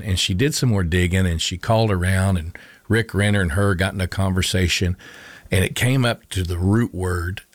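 A man's voice: sits low, no echo. A middle-aged man, a former coach, telling a personal faith story in conversation, earnest, repeating and restarting his phrases. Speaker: interview guest, former coach.

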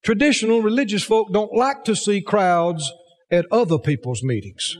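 A man's voice: sits high, normal speed, big-room sound. A man preaching a sermon, emphatic, asking the congregation rhetorical questions.

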